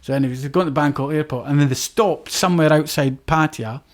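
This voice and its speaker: A man's voice: fairly high pitch, fairly quick. A man, a podcast guest, telling a rambling prison story in casual talk, with frequent "right?" checks.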